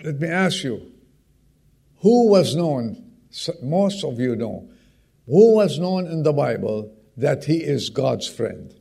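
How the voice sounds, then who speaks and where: A man's voice: on the high side, big pitch swings, takes it slowly, gravelly, dark tone, husky. A man preaching a sermon who stresses key words by repeating them and puts direct questions to the congregation.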